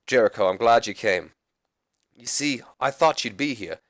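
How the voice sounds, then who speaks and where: A man's voice: medium pitch, lively intonation, moderate pace, fairly bright tone, no room sound, lightly acted. A man doing a clumsy British accent, playing a haughty wrestling commissioner who issues a challenge. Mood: smug. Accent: British, put on poorly.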